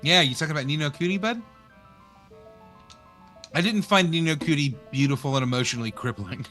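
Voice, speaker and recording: A man's voice: a little high, bright, forceful tone, faint music behind. A man from the American South, co-hosting a casual gameplay chat, joking and swearing freely. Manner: joking, profane, quick to laugh. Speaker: co-host.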